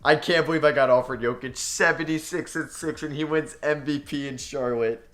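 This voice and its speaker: A young man casually commenting on his basketball video game season, swinging between nervous groans and excited cheers. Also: on the high side, normal speed. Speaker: gaming channel host.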